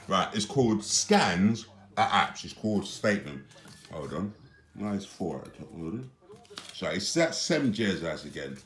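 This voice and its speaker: Guy ranting away, swearing, pitch jumping around a lot, echoey room. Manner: agitated, swearing, rambling. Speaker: vlogger. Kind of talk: rambling casual monologue. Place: indoors, his room. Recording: roomy echo.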